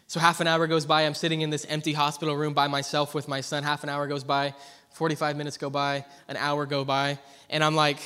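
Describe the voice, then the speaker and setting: Young guy preaching, high voice, earnest story, swings loud to soft, big echoey church hall. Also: level tone, moderate pace, smooth. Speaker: pastor. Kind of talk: sermon. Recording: long hall reverb.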